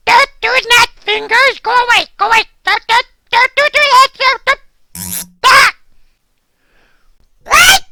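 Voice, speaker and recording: A woman voicing an excitable, anxious cartoon guard dog who stammers and repeats words in a panic. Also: very high voice, no echo, studio quality, full character voice. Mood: panicked. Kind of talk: children's cartoon voice acting.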